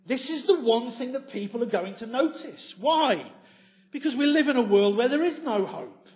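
A man preaching a sermon, full of tag questions and moving between loud emphasis and quiet asides. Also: very high-pitched, expressive, normal speed.

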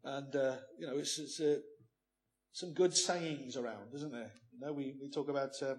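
A man's voice: mid-range voice, fairly even intonation, normal speed. A man preaching a sermon, emphatic, often ending points with rhetorical questions.

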